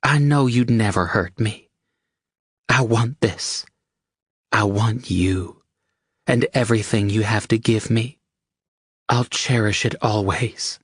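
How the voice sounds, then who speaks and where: A young woman in love, eager and earnest, her voice lifted well above the reader's own and spilling out in breathless runs, as a male narrator puts her on. The tone stays husky and close, with little room sound. She reads like a tender audiobook heroine. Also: lowish voice, slow, pauses often, dry recording, voice pushed up. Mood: yearning.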